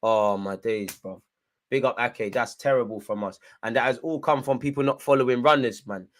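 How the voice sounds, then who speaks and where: A young man with a mid-range voice gives excitable live fan commentary on a football match at a moderate pace. He urges the players on, swinging between frustration and hype.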